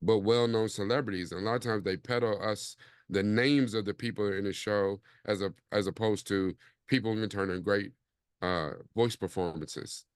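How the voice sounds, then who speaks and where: Low, smooth-voiced man hosting a podcast. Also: fairly even intonation, normal speed, no room sound, studio quality. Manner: laid-back, rambling, frequent fillers. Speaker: podcast host. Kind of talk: casual podcast chat.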